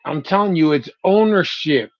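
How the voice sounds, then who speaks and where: Higher-voiced man, dull dry sound. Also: lively intonation, normal speed, music in the background. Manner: emphatic, making firm predictions. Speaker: podcast co-host. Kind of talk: casual sports talk.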